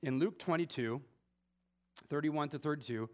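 A man's voice: on the high side, normal speed. A male pastor preaching a sermon, talking conversationally with questions to the congregation and building to emphatic peaks. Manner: animated, rising to emphatic peaks when stressing a point.

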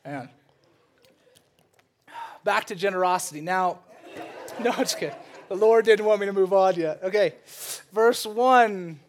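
This young preacher talks in a fairly high voice. He is animated and playful, and he keeps breaking into laughter as he tells stories from the pulpit. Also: unhurried, pauses often. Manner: animated, joking, laughs often. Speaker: pastor. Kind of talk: sermon.

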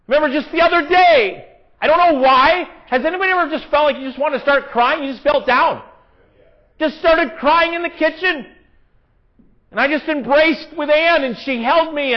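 High-voiced man preaching a sermon. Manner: earnest, conversational preaching with emphatic rises. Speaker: pastor. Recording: dull, lo-fi sound.

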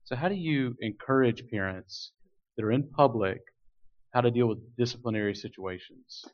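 A man's voice: mid-range voice, normal speed. Hesitant man asking a question. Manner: hesitant, many fillers. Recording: dull lo-fi recording.

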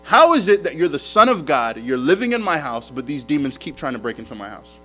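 A man voicing a frantic young man in a sermon story, shrill with disbelief. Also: sing-song, fairly quick, pushed and bright, faint music behind. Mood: pleading. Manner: high-pitched, breathless disbelief. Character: frantic young man with demons at his door.

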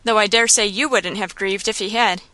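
A woman voicing a rough, insolent male saloon keeper who talks in a coarse, sly, slangy way. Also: medium pitch, steady tone, moderate pace, pushed and bright, no echo, natural voice.

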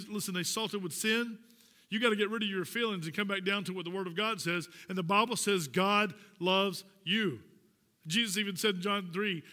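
A man's voice: high-pitched, pushed and bright, big-room sound. A man preaching a sermon as pastor, folksy and direct, joking with the congregation. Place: church sanctuary.

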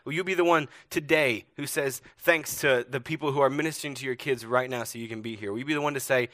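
Bright, earnest man preaching a sermon. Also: medium pitch, quick pace, few pauses, no echo, clean studio sound. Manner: earnest storytelling, rhetorical questions, varied loudness. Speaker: pastor.

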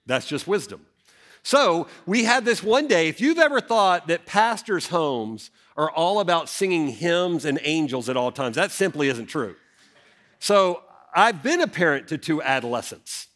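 A middle-aged man, a senior pastor preaching a sermon and telling a family story with dramatic swings in his voice. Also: a little slow. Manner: animated, dramatic storyteller with big swings in pitch.

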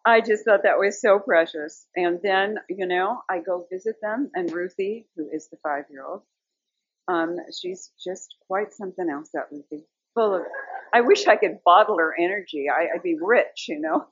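An older woman with a husky, breathy, fairly low voice shares a rambling personal faith testimony, stopping often on little fillers. The recording is dry and a bit dull, like a modest lo-fi setup. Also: moderate pace, dry recording. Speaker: Bible study teacher.

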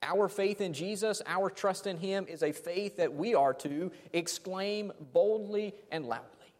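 A man's voice: sits high, a little slow, darkish tone. A man preaching a sermon, dramatic, letting his phrases fade off almost to silence. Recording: long hall reverb.

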